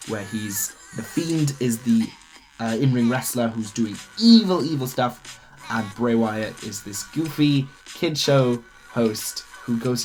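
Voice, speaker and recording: An excitable young man runs through his weekly picks on his own podcast, gushing and tripping over his words as a fan would. His voice sits at a middle pitch, with faint music playing beneath it. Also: slow. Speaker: podcast host. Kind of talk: solo wrestling podcast rundown.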